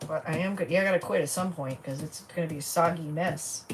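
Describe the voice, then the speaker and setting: A woman rambles through her craft project, thinking aloud in a casual, easygoing way. Her voice sits on the low side and is picked up from a little away from the mic. A faint hiss of noise runs underneath. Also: fast, far from the mic. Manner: chatty, thinking aloud as she works. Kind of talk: casual chat while crafting.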